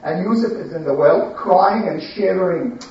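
An adult telling a religious story to a child, slowly, asking the listener questions along the way, recorded far from the mic in an echoey room. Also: medium pitch, highs cut off. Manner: slow, lively, questioning the listener.

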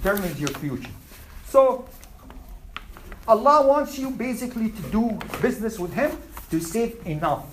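A woman's voice: fairly high pitch, expressive, moderate pace, pauses often, a little hiss or hum, low-quality recording. A woman teaching an Islamic class, asking her students questions and repeating her points. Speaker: religious teacher.

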